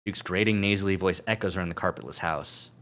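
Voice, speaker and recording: With a low voice and a fairly bright tone, a male streamer moves at a quick pace through a visual novel he reads aloud live. Jokey asides and chuckles break up the narration.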